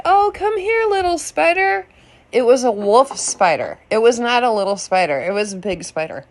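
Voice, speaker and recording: A woman home vlogger chatting casually and telling a lively story. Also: mid-range voice.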